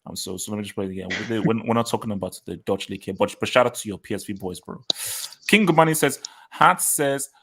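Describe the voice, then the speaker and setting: A man's voice: lowish voice, quick pace, gravelly, fairly bright tone, breathy edge. A man hosting a casual live football chat, reading out viewer comments, laughing and repeating himself. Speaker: host.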